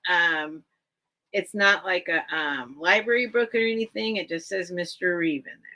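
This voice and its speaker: This live-stream host sells vintage goods, bantering casually with viewers and her cat and wandering off on tangents. She has a lowish voice with a sharp tone, captured in low-quality audio.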